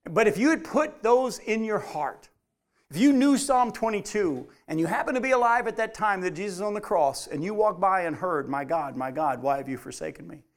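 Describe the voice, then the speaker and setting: A man preaching a sermon, reading scripture aloud and driving points home with animated emphasis. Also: sits high, normal speed. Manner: animated preaching, voice rising on quotes. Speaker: pastor.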